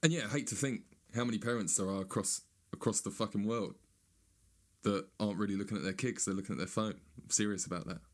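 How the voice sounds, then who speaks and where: Sweary man in a sarcastic rant. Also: quick pace. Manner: sweary, sarcastic, mocks others in high whiny voices. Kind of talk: ranting stand-up monologue.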